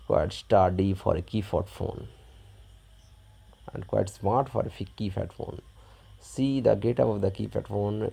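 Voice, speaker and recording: A man narrating an unboxing step by step in a halting, plain way. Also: deep voice, creaky, warm tone, husky. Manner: halting, plain, describes each step as he does it. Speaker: unboxing vlogger.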